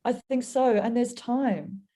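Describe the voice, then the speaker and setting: Woman guest, warm mellow tone, earnest storyteller sharing a reflection on faith. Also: fairly high pitch, a little slow. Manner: earnest, storytelling, acts out voices. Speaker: guest speaker.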